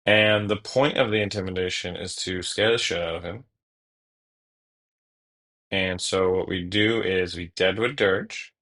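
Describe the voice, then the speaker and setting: Low-voiced and sharp in tone, a young streamer thinks through a card game at a measured pace with frequent pauses. He keeps it casual and jokey, mutters to himself, and swears now and then.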